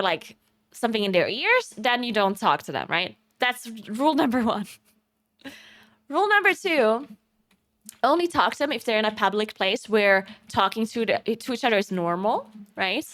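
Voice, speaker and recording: A young woman from Italy chats with her stream viewers, her voice rising and falling all over the place. She tells stories in an animated way and laughs often. The sound is close and dry, with no room around it. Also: fairly high pitch, dry recording. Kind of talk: casual chat with viewers.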